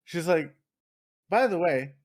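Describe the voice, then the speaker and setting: Guy on a podcast telling a story, kinda high voice, swears constantly, acts out everybody's lines. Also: slow. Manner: swearing storyteller, animated re-enactments of others. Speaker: podcast co-host. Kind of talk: casual chat.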